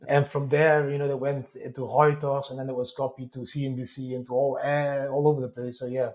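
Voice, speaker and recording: Dutch man telling a lively story. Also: mid-range voice. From Netherlands. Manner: animated storyteller, many quick restarts. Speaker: guest. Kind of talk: storytelling interview answer.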